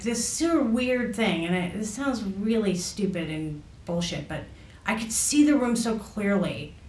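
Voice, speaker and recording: A woman telling a personal story in a halting way, full of fillers and restarts. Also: on the high side, far from the mic. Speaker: guest recounting a personal experience. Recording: echoey room, voice off mic.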